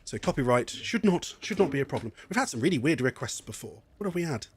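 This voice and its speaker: A man's voice: medium pitch, sing-song, fast talker, husky. A young English man streaming live, chatting in a rambling way and laughing often, a bit wheezy from asthma. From England. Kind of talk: casual live-stream chat.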